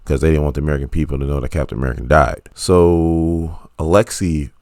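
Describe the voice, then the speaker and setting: A man's voice: extremely low pitch, a little fast, no room sound, clean studio sound. A man giving a casual, joking video review of a superhero film to his channel's viewers. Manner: joking, animated storytelling. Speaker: YouTube movie reviewer.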